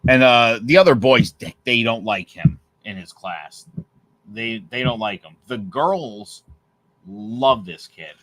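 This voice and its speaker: Man, podcast co-host, casual chat, lively pitch, bright, dry close sound. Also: takes it slowly, dry recording. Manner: animated storyteller who acts out dialogue.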